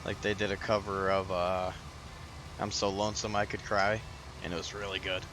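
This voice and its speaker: A man's voice: deep voice, completely flat delivery, normal speed. A man hosting a casual live stream, chatting with viewers by name and laughing often. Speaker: livestream host. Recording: background noise.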